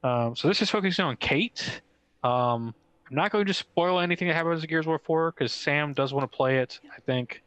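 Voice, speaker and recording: A man co-hosting a gaming podcast in casual chat, excitable and rambling with lots of filler words. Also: a little high, normal speed, clear, resonant tone, no room sound, low-quality recording. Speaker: podcast co-host.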